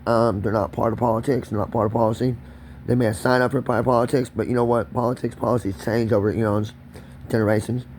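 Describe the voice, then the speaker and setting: A man's voice: medium pitch, level tone, fast, darkish tone, slight background noise. A man ranting alone to camera, erratic and confrontational, swearing and repeating himself. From Kentucky. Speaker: vlogger. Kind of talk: solo profane rant to camera.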